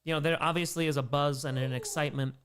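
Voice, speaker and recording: A man's voice: a little high, steady tone, fast talker, a bit bright. A man hosting a charity livestream, reading out donations and bantering with chat, sometimes in character as a made-up persona.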